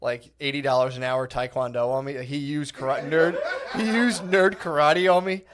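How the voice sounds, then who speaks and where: A man's voice: on the high side, steady tone, normal speed, noisy background. A man in his thirties telling rambling, profane stories on a podcast, laughing often, with one eye watering from peppermint oil. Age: 30s. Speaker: podcast co-host. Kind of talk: casual storytelling chat.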